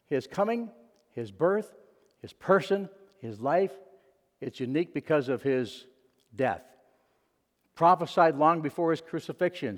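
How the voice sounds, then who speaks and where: Emphatic high-voiced male pastor preaching. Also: long reverb tail. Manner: emphatic, repeats and restarts words, quotes scripture dramatically. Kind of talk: sermon.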